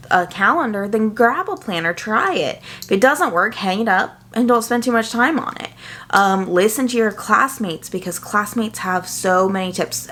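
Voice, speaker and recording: A woman's voice: medium pitch, a bit bright. Chatty woman vlogging about nursing school. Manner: chatty and earnest, with fillers and quick asides. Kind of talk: casual chat to camera.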